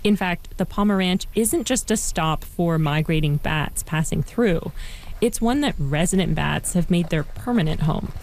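A woman reporter giving a measured, scripted narration for a news feature. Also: on the low side, darkish tone. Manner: measured, clear storytelling delivery.

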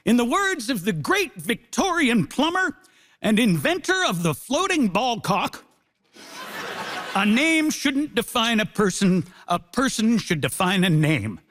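Man, comedy debater, mock-grand, deadpan punchlines, lively pitch. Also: measured pace. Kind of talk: stand-up argument.

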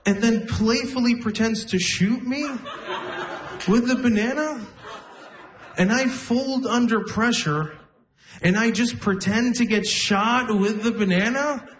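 A young man in his twenties does stand-up in front of a live crowd, whose noise is picked up in the recording. He speaks slowly in a very high voice, telling conversational stories and acting out the people he quotes.

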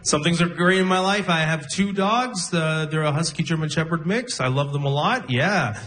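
A young man doing a stand-up comedy set, telling stories deadpan, laughing at his own lines and acting out other people. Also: fairly high pitch, normal speed. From immigrant to Canada. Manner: deadpan storytelling, breaks into laughter, acts out voices. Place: comedy club stage with audience.

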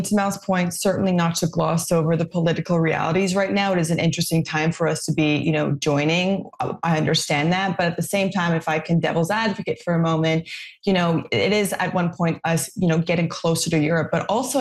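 A woman from Quebec speaking as a panelist, thoughtful and articulate. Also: on the low side. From Quebec, Canada. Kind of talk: panel discussion.

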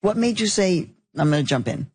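A woman's voice: fairly low pitch, lively intonation, brisk, a little mellow, breathy edge. Chatty woman co-hosting a podcast. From Mexican. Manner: chatty, laughs often, mixes in Spanish phrases. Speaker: podcast co-host. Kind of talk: casual chat.

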